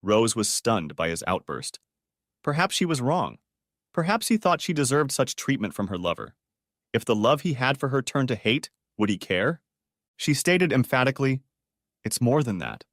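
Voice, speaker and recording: A man's voice: medium pitch, big pitch swings, normal speed, fairly bright tone, no room sound, studio quality. Man narrating a dramatic audiobook. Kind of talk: scripted story narration.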